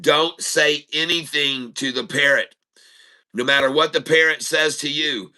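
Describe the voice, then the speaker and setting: A man's voice: a little high, steady tone, pushed and bright. A man voicing a worried, insistent homeowner lady. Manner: hurried, insistent warnings. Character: anxious woman homeowner warning a repairman.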